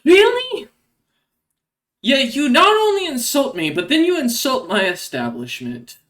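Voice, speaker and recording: A woman's voice: sits high, big pitch swings, unhurried, a bit bright, voice pushed up, exaggerated voice. A man voicing a haughty tavern owner woman. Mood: indignant. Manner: haughty and curt. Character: indignant female tavern owner.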